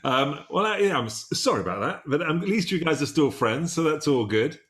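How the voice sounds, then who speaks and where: A man's voice: a little high, very animated, a little fast, a bit bright. A man in his fifties from Britain, hosting a podcast interview in a chatty, meandering way. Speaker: podcast host. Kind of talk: casual interview chat.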